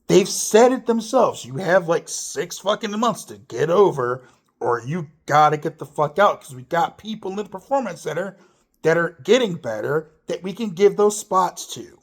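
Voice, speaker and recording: A man ranting to camera about wrestling, swearing freely and sounding exasperated. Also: moderate pace. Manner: lively, swooping pitch. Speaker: wrestling commentator. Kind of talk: opinion rant to camera.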